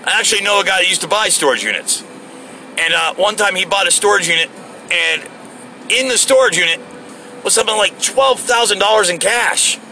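A man's voice: sits high, a little fast, sharp tone. A man rambling casually to himself while driving, profane and joking, with road and air-conditioning hum behind him. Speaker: solo show host. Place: inside a car.

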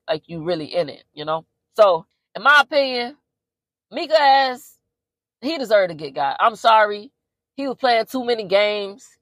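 A woman podcast host recapping a horror movie in a casual, slangy and profane way, telling it like an animated story. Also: fairly low pitch, no echo.

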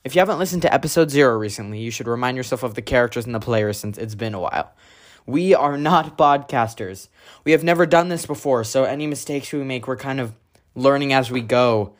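A man introducing a podcast in a casual, slightly halting way, explaining that the crew is new to it. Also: mid-range voice. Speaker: podcast host.

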